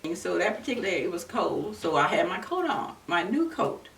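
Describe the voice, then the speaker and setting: Older woman, low voice, roomy distant sound. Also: big pitch swings, vocal fry. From Florida, USA. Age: 70s. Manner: earnest, unhurried storytelling with many restarts. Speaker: interviewee recalling civil rights activism. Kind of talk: oral history recollection. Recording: roomy, distant mic with faint background noise.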